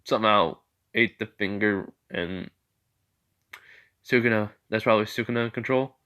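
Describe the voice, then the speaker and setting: A man's voice: on the low side, normal speed, sharp tone. A man voicing a cheerful, teasing male sorcery teacher in a casual fan-made story. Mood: serious.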